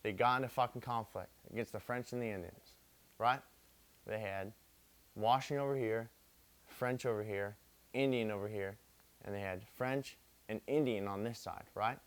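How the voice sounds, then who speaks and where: A man's voice: on the low side, normal speed. A young man retelling history drunk, rambling and repeating himself, swearing constantly and using street slang. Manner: profane, repetitive, street slang. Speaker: drunk storyteller.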